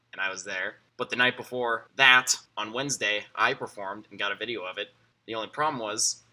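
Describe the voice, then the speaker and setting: A nineteen-year-old man from Arizona chatting casually to camera, rambling through quick asides. His voice sits fairly low yet sounds very bright and sharp. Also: low-quality recording. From Arizona, USA. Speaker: video uploader. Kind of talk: casual vlog introduction.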